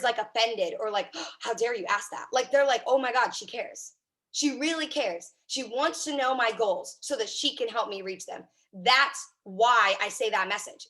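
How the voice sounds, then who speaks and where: A woman's voice: fairly high pitch, a bit bright. Upbeat chatty woman coaching on a call. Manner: upbeat, fast and chatty, lots of "like" and "right?". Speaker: sales team leader. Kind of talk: coaching a team on a video call.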